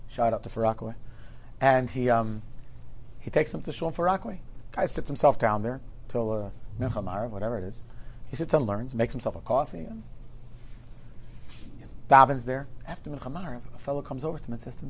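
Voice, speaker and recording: Brief: male storyteller, quick delivery, husky voice, animated quotes. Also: mid-range voice. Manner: lively, acts out every quoted speaker.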